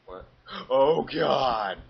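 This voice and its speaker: A young man joking around while playing a horror game with friends, repeating gags and shouting when chased. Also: mid-range voice, animated, extremely slow, vocal fry, crowd noise. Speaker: gamer. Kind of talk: casual group let's play. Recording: dull lo-fi mic with faint noise.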